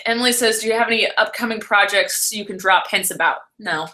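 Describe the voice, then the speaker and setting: Bright, chatty young woman vlogger. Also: mid-range voice. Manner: chatty and rambling, heavy use of "like", quick self-corrections. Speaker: vlogger hosting a live stream. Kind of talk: casual live-stream chat answering viewers.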